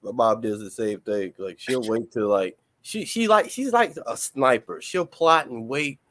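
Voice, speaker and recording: A man's voice: medium pitch, expressive, unhurried, a bit bright, no echo. A man co-hosting a comedy podcast, telling family stories with laughing exasperation. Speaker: podcast co-host. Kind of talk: casual comedy podcast chat.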